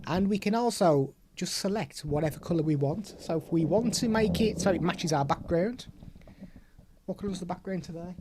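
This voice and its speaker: A man's voice: sits high, noisy background. A man chatting casually while demoing audio gear on a desk mic. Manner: chatty, hands-on explaining. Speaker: tech reviewer. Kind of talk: product demo vlog. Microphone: desktop USB/XLR microphone.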